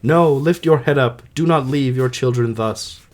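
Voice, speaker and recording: A man voicing a grieving king in his own middle-pitched voice, reading earnestly for an amateur audiobook. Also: measured pace, close to an everyday voice.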